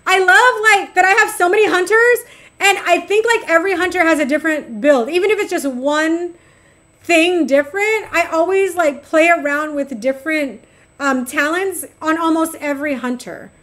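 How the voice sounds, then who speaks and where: A woman's voice: very high voice, normal speed. A middle-aged woman streaming a game, chatting casually and affectionately with her viewers. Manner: chatty, animated, talks to chat affectionately. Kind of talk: casual chat while gaming.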